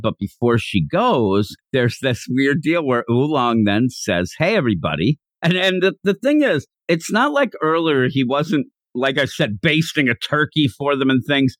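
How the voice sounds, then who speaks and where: A man's voice: mid-range voice, sing-song, measured pace, few pauses, a bit bright, no room sound. A man co-hosting a podcast, chatting casually as he recaps a comic and acts out the characters' lines. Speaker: podcast co-host.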